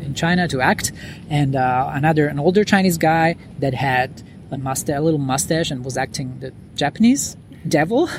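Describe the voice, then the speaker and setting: A man's voice: a little high, slight background noise. A man as a podcast guest, talking casually with lots of fillers and restarts, recorded outdoors on a lawn at night. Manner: rambling, many fillers and restarts. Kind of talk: casual interview chat.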